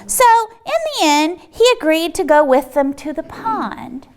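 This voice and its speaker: A woman reading a picture book aloud at a children's storytime, expressive, with dramatic gasps. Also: sits high, unhurried.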